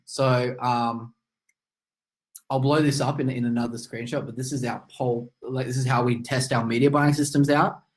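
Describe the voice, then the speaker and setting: A man's voice: mid-range voice, moderate pace, poor audio. A man presenting casually on a video call, explaining steps with many fillers, his mouth numb from a tooth extraction. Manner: relaxed, filler-heavy explaining. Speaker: webinar presenter. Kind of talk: casual screen-share presentation.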